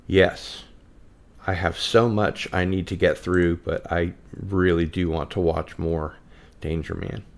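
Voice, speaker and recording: A relaxed man with a very low, deep voice hosts a laid-back live podcast. He chats easily and reads out viewer comments between topics. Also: takes it slowly. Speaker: podcast host. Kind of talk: casual live-stream chat.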